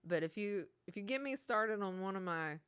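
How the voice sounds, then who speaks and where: A woman's voice: mid-range voice, animated, moderate pace, a bit bright, clean tone, no echo. A middle-aged woman with a Kentucky Southern accent, chatting casually and giggling with her live-stream viewers.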